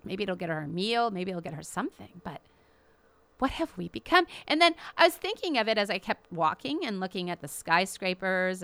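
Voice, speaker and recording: A woman hosting a show, delivering an impassioned, indignant commentary with emphatic, drawn-out stresses. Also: medium pitch, a bit bright, dry recording. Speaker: radio show host.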